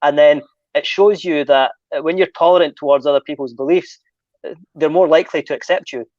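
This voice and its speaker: A man hosting a casual panel chat, talking in a relaxed, chatty way and laughing easily. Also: on the high side, a little fast, no echo, muffled recording. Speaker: host.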